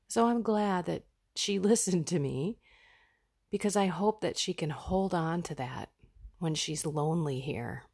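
A woman's voice: lowish voice, a little slow, a little mellow, slightly rough. A woman hosting a podcast, sharing a raw personal reflection in an earnest, heartfelt way. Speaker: podcast host.

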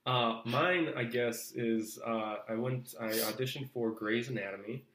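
Actor, male, mid-pitched, lively storyteller who acts out his reactions; recorded in an echoey room. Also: measured pace. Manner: animated storyteller acting out his own reactions. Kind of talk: casual podcast chat, telling an anecdote. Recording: roomy echo.

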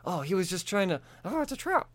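A man's voice: sits high, very animated, brisk, a bit bright. A man casually recapping comic book issues, swearing freely and laughing as he talks. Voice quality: profane, laughs often.

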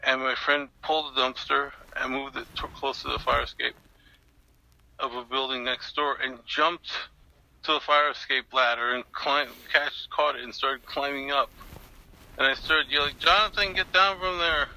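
A man's voice: medium pitch, level tone, moderate pace, creaky, pushed and bright, rough recording. An older man being interviewed, telling a long story in a rambling way with many restarts and fillers. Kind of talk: recounting an anecdote in an interview.

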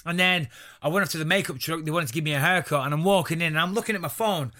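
Northern English man, thirties, bright slightly high voice, animated storyteller in an interview. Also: rapid-fire. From Northwest England. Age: 30s. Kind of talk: casual interview.

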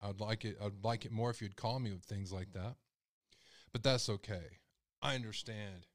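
A man's voice: lowish voice, steady tone, moderate pace, no echo, clean studio sound. A man hosting a live call-in show, speaking with raw emotion and his voice rising when he is upset. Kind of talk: live-stream commentary.

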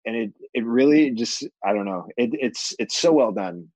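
A man's voice: mid-range voice, expressive, moderate pace, a little mellow, no room sound, low-quality recording. A man co-hosting a casual podcast, adding wry, dry remarks. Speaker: podcast co-host. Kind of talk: casual chat.

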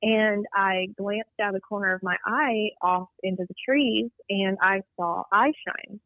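A woman guest telling an eerie personal story in an animated, rambling way, acting out what people said. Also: medium pitch, a little slow, dry recording. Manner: animated, rambling storyteller who acts out dialogue. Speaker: guest telling a Bigfoot encounter. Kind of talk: storytelling on a call-in interview. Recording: tinny dry phone line.

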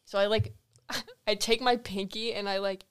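A woman's voice: medium pitch, normal speed, clear, resonant tone. A woman guest on a podcast, telling a story with frequent swearing in a casual chat. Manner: lively, swears freely, laughs while telling. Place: host's home studio.

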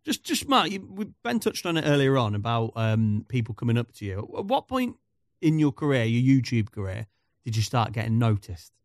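A man's voice: mid-range voice, sing-song, fairly quick, no room sound, studio quality. A man hosting a podcast, asking curious probing questions in casual chat. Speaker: podcast host.

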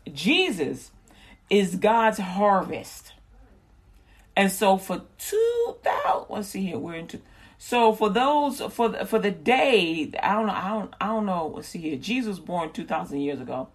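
A woman giving casual Bible teaching in a rambling, slangy way, with frequent restarts. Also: mid-range voice.

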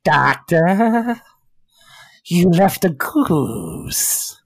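A man voicing a crude, irritable male vampire with a stitched-open face, speaking in a slow, raspy, cursing way. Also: sits high, sing-song, no room sound, voice pushed up, exaggerated voice. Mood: gruff.

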